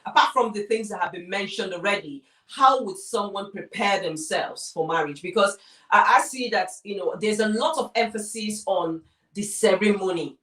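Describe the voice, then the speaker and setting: A woman with a mid-range, fairly bright voice speaks at a moderate pace, recorded from a distance in an echoey room. She's a lecturer co-hosting a conversational talk about relationships, speaking emphatically, repeating key words and addressing viewers directly.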